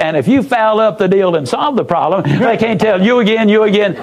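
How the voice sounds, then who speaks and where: High-voiced, emphatic motivational speaker man. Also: expressive, low-quality recording. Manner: folksy, emphatic, with dramatic pauses and repetition. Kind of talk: motivational storytelling speech.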